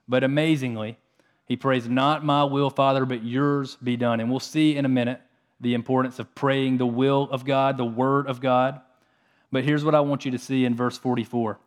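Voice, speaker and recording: A man preaching a sermon, reading scripture passages and explaining them in an earnest, steady way. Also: medium pitch, normal speed. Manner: earnest, reads scripture aloud between plain explanations.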